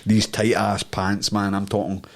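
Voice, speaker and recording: A man's voice: on the low side, level tone, a little slow. A Scottish man co-hosting a podcast, telling a crude story in casual chat and laughing often. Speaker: podcast co-host.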